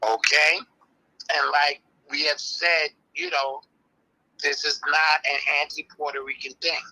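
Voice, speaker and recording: An older man, calmly and firmly explaining history as an interview guest. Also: a little high, low-quality recording. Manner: firm, measured, explaining insistently. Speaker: interview guest, early hip-hop practitioner. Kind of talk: live online interview.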